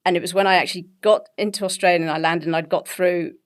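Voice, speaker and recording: A woman in her forties from England with a BBC-style English accent, telling her story as an interview guest with animated, laughing delivery. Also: on the low side, quick pace, clean tone. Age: 40s. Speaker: guest, health coach. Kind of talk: conversational interview.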